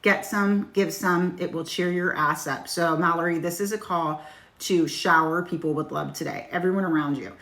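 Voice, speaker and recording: A middle-aged woman does a casual tarot reading on a live stream, recorded on a phone, speaking frankly, swearing freely and calling viewers by name. Her voice sits on the low side, steady and fairly bright, at a normal speed.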